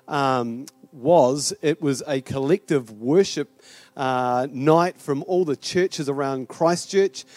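New Zealand pastor, easygoing sermon. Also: male voice, a little high, a little mellow, no echo. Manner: conversational and rambling, with fillers and restarts.

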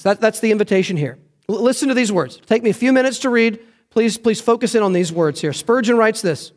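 A man preaching a sermon as pastor, earnest and emphatic, repeating key phrases for weight. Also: sits high.

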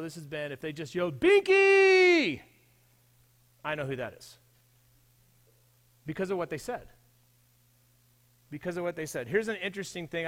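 Conversational preacher man, slightly high voice. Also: a bit bright. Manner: conversational, addresses the audience directly. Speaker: pastor. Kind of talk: sermon.

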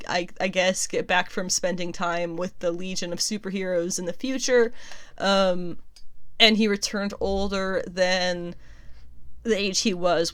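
A young adult woman hosting casual pop culture news commentary, chatty and quick to laugh, often stopping to correct herself. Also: fairly low pitch, fairly bright tone.

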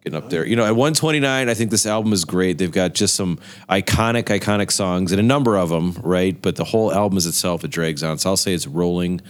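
Deep-voiced man musing casually. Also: fast talker, hardly any pauses. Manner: thinks aloud, weighs pros and cons. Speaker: podcast co-host. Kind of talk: casual chat.

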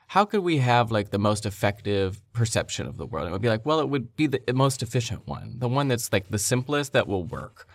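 A man with a lowish voice co-hosts a casual podcast. He thinks aloud in a reflective way, with many fillers. The close mic keeps the sound dry. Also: no echo. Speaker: podcast co-host. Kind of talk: casual conversation.

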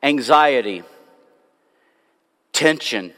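A man, a pastor, preaching a sermon, telling self-mocking stories and then dropping to hushed, drawn-out words. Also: medium pitch, lively intonation. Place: church sanctuary. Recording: long hall reverb.

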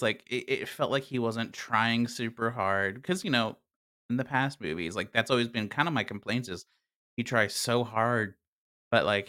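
A man's voice: mid-range voice, bright, forceful tone. A man co-hosting a casual film-review chat, hesitant and full of fillers. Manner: hesitant, many fillers and "I don't know". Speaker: podcast co-host.

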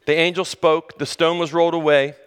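A man preaching a sermon who talks straight to his listeners and swings between loud, high exclamations and low, hushed lines. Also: level tone, a little fast, clear, resonant tone. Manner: conversational, addresses the listeners directly. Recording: long reverb of a large hall.

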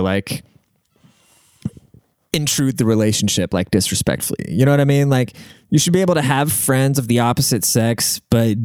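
A man's voice: medium pitch, darkish tone, no echo, studio quality. A young man hosting an advice podcast, crude and emphatic, swearing freely as he reacts to listener letters. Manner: profane, blunt, emphatic. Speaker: podcast host giving advice. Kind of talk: crude casual advice rant.

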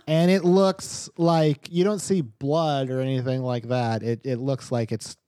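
A man's voice: mid-range voice, fairly even intonation, unhurried, dark tone, clean tone, no echo, clean studio sound. A man narrating a tabletop game as game master, loose and full of fillers and restarts.

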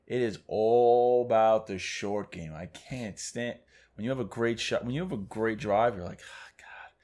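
A man's voice: lowish voice, a little slow, a little mellow. A man co-hosting a podcast in casual chat, chatty and teasing, saying "dude" a lot. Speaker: podcast co-host.

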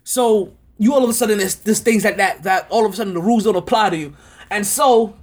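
A man with a husky, somewhat breathy voice hosts a sports podcast. He rants in a rambling, emphatic way, repeating words and restarting his phrases as he presses his point. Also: sits high, quick pace. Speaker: podcast host.

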